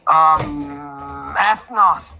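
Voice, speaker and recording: A man hosting a lively livestream lecture, joking and swinging between loud outbursts and muttered asides. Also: fairly high pitch, very slow, over music, poor audio. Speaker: host.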